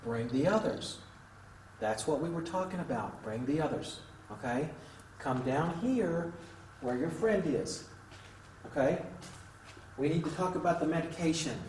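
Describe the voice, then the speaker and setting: A man working as a paranormal investigator, coaxing unseen spirits with gentle, pleading, repetitive talk inside a derelict island building. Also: on the high side, expressive, moderate pace, slight background noise, rough recording. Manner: gentle, pleading, repeats himself.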